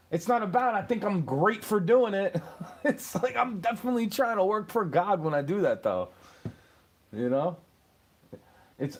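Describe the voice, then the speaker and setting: Animated, high-voiced man in his thirties. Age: 30s. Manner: profane, laughs at his own jokes. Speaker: podcast host. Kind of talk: casual rambling monologue.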